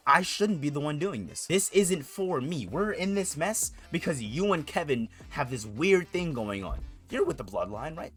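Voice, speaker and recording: A man's voice: on the high side, lively intonation, moderate pace, hardly any pauses, a bit bright, husky, faint music behind. A man retelling a domineering male wrestling champion, giving orders in a bossy tone. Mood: commanding. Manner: bossy, ordering others around.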